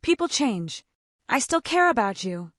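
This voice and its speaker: A woman's voice: on the high side, sing-song, unhurried, fairly bright tone, no room sound, studio quality. A woman doing a smarmy, menacing ex-husband. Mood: wheedling. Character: smarmy manipulative male ex-husband.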